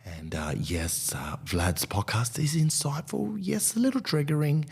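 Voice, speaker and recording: A man voicing a prim female newspaper reviewer who speaks in a hushed, half-whispered way from off mic. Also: on the high side, expressive, a little slow, vocal fry, slightly rough, pitched above the performer's own voice, heavily acted.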